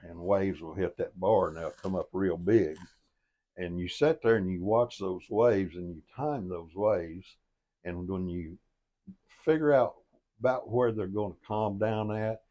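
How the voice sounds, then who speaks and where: An older man, a storyteller and life coach, tells a boating story in a low voice with a darkish tone. His delivery is folksy, plain-spoken, and earnest, aimed at motivating listeners.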